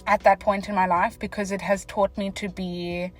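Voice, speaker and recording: A young South African woman telling a story from her car, casual and animated, jumping between whispers and loud exclamations. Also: mid-range voice, normal speed, soft background music, rough recording. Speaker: vlogger. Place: parked car.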